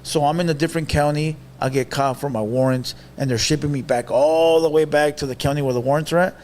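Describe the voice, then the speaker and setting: Animated man telling a story. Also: fairly high pitch, fast talker, a little hiss or hum. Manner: animated storyteller, mixes Spanish slang, acts out quotes. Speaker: podcast guest telling a story. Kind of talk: casual storytelling.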